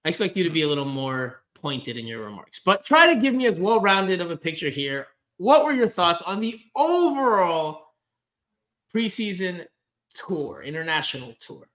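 A male podcast co-host in casual chat, bright and a touch high in pitch. He talks in an animated, joking way and acts out quoted people as he tells a story. His energy keeps the conversation moving. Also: normal speed.

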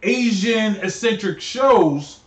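A man's voice: high-pitched, expressive, takes it slowly. A man co-hosting a livestream, reading chat and asking questions with hesitant restarts. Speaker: stream co-host reading chat. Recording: roomy, off-mic sound.

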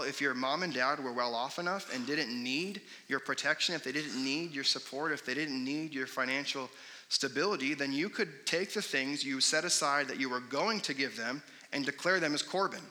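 Young preacher, chatty storytelling delivery, bright slightly high voice, echoing hall. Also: male voice. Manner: conversational, storytelling, sarcastic asides. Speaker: pastor. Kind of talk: sermon. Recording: long hall reverb.

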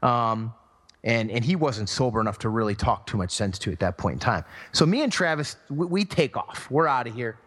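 A man's voice: mid-range voice, expressive, normal speed, a bit bright. A man co-hosting a podcast, telling a story casually and acting out the voices of the people in it. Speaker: podcast co-host. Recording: long hall reverb.

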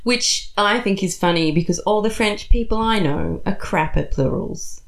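A woman's voice: mid-range voice, lively intonation, moderate pace, creaky. A woman hosting a comedy podcast, casual and jokey, laughing often and tossing in playful asides. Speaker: podcast host.

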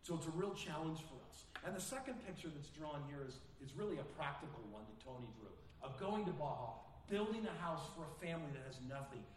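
A male pastor preaching a sermon earnestly, acting out quoted voices with sudden rises in pitch. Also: animated, brisk, hardly any pauses, echoey room, far from the mic, slight background noise.

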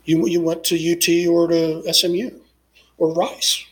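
A man's voice: on the high side, little pitch movement, unhurried, low-quality recording. A middle-aged man from Texas talking as an interview guest, rambling through his points with many fillers and restarts. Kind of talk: casual interview conversation.

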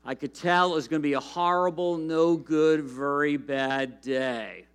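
A man's voice: a little high, unhurried, smooth, voice pushed down, close to an everyday voice. A man reading a storybook aloud in the voice of a whiny, grumpy little boy who feels sorry for himself. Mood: aggrieved.

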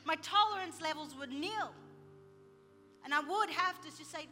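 A middle-aged woman telling a personal story in a sermon, lively and full of quoted dialogue. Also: high voice, moderate pace, big-room sound, faint music behind. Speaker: speaker sharing testimony. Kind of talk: sermon-style personal testimony.

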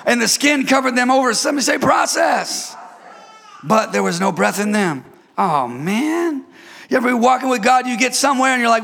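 Gravelly, bright-voiced man preaching a sermon. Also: very high voice, expressive, brisk. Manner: call-and-response preaching, swings from shouting to quiet asides; playful, joking with the congregation.

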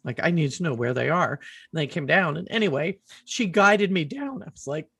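A middle-aged woman hosting a podcast, telling an animated, rambling story in casual chat and swearing freely. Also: low voice, normal speed, creaky, husky, no echo, studio quality.

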